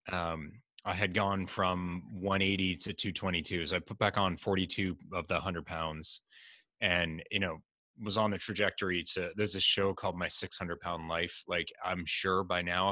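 A middle-aged man with a low voice and a bright, forward tone tells personal stories in a candid, reflective manner. The sound is dry and close, with almost no room echo. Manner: earnest, reflective, quotes others in lively asides. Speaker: podcast guest, life coach. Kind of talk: candid conversational storytelling.

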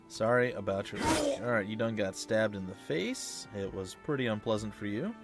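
Excitable man doing gameplay commentary. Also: lowish voice, a little fast, over music. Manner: excitable, chatty, reacts loudly to hits and misses. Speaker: let's play host.

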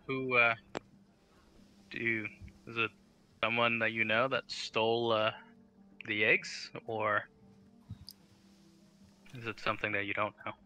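A man's voice: lowish voice, little pitch movement, takes it slowly, long pauses, bright, forceful tone, clean tone, low-quality recording. A man playing a tabletop game, asking curious, hesitant questions in and out of character. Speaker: player.

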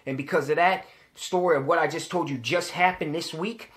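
Young guy ranting on camera, kinda high voice, swears a lot, keeps repeating himself. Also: a little fast. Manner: animated, profane, repeats himself when worked up. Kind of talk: casual storytelling to camera.

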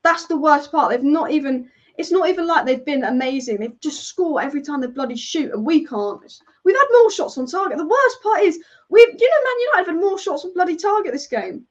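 A woman's voice: sits high, big pitch swings, a little fast, few pauses. A woman, a football fan on a live watchalong, exasperated and asking why again and again. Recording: dull lo-fi stream audio.

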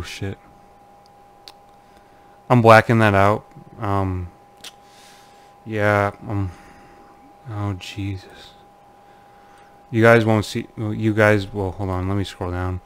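Low, flat-voiced man reading forum posts. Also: a little hiss or hum. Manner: nervous laughter, uneasy, trailing off into quiet mutters. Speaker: channel host.

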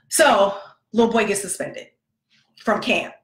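A woman in her thirties telling a lively personal story as a podcast host, acting out the people she quotes and laughing often. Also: medium pitch, normal speed. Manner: animated, laughing, acts out quotes. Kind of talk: casual storytelling monologue. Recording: echoey room.

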